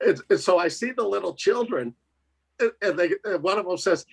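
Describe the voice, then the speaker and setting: A man telling a spooky story as a guest. He is lively and emphatic and keeps checking in with "right?". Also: high voice, brisk, slightly rough. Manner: lively, emphatic, tags lines with 'right?'. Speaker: paranormal investigator guest. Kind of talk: casual storytelling.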